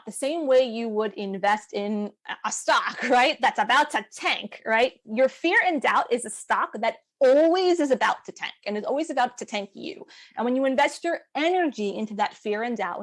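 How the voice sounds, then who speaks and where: A woman co-hosting a live online coaching workshop, teaching energetically and often checking in with "right?". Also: fairly high pitch. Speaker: co-host of a business coaching webinar.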